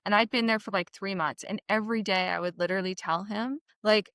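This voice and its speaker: Bright-voiced woman telling a lively story. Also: medium pitch, a little fast, hardly any pauses, no echo, studio quality. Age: 40s. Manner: animated, laughs often, many "like" fillers. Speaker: podcast guest. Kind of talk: casual storytelling chat.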